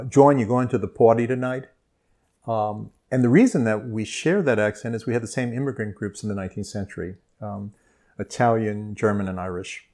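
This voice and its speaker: Gravelly New Orleans man, measured and thoughtful. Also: fairly low pitch, a little mellow. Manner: thoughtful, measured, frequent ums. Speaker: guest expert. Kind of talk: interview conversation.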